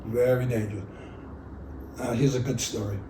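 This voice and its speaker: A man's voice: mid-range voice, fairly even intonation, moderate pace, roomy sound, background noise. A man, telling his life story bluntly and profanely in an oral history interview. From New York City.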